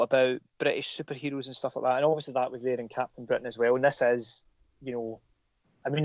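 A middle-aged comic creator chats casually and rambles, full of restarts and fillers. His mid-range voice comes through dull lo-fi audio with no echo.

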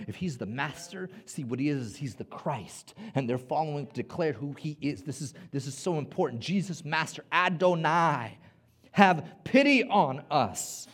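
High-voiced preacher guy, emphatic, keeps saying come on somebody type stuff in church. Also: expressive, moderate pace, slightly rough. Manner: emphatic, repeats words, rallies listeners. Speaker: pastor. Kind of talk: sermon.

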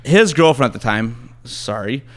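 A young man from Thunder Bay tells loose, rambling stories as a podcast guest. He keeps circling back with "so anyways" and puts on the voices of the people in them. His voice sits at an average pitch. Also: animated, a little slow. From Thunder Bay, Ontario, Canada. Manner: rambling, restarts with "so anyways", acts out quotes. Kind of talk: casual storytelling.

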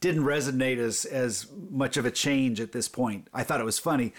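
A man on a podcast giving a measured, analytical take on a film in casual chat. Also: mid-range voice. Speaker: podcast co-host. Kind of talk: casual movie discussion.

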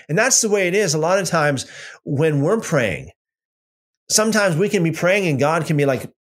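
A man leading a casual Bible study, reading passages aloud and commenting with animated repetition. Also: on the high side, normal speed. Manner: animated, repeats phrases for emphasis.

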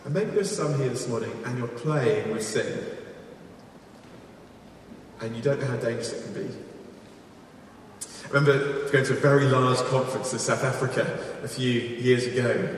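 A man preaching a sermon in a large church, earnest and storytelling, dropping to quiet emphasis on key points. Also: mid-range voice, moderate pace, long pauses, a little hiss or hum. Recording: echoey hall from far off.

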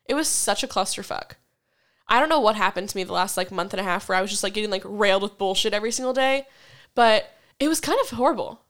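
A woman in her twenties, a podcast co-host, telling a story in a casual chat, swearing freely and laughing as she goes. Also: mid-range voice. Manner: profane, animated storytelling with quick laughs.

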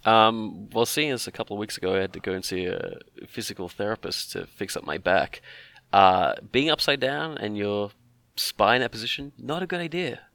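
A man's voice: fairly low pitch, normal speed, creaky, a bit bright, no echo. A man, co-hosting a casual chat and rambling through joking asides. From Australia. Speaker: podcast co-host.

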